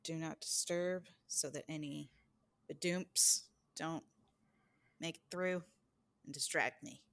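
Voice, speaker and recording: A woman acting as game master, calmly asking a player relaxed questions about her character. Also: deep voice, takes it slowly. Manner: relaxed, asks gentle questions. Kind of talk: easygoing game-master prep talk.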